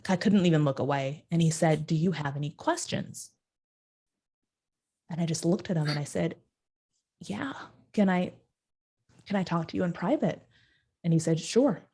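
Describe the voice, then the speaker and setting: A woman guest in an interview telling a personal story, acting out the quoted voices with sudden jumps in pitch. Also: moderate pace, pauses often, warm tone, slightly rough.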